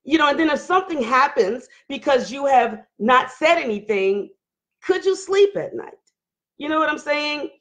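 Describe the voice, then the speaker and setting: A hoarse woman hosting a casual livestream, talking loud and candid while she reads viewer comments. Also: sits high. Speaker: livestream host. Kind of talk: casual live chat reading viewer comments.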